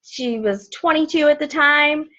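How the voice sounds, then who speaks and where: High-voiced chatty woman coaching a team. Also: unhurried. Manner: chatty, animated, acts out bright friendly messages. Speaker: team coach leading a training call. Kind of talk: casual training talk. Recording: dull lo-fi sound.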